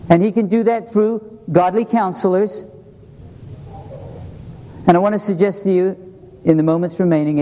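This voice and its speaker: High-voiced preacher in a reverberant church. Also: male voice, dark tone. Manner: earnest, asks the congregation questions. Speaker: pastor. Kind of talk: sermon. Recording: long hall reverb.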